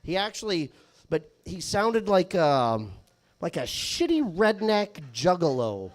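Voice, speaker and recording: A male stand-up comedian performs a live set on a comedy stage, telling rambling, self-mocking stories full of swearing. His voice sits high and is sing-song and slow.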